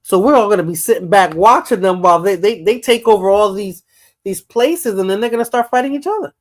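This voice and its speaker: A woman's voice: medium pitch, expressive, fairly quick. Chatty New York woman hosting. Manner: rambling, repeats words, laughs often. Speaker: livestream host. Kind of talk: casual chat.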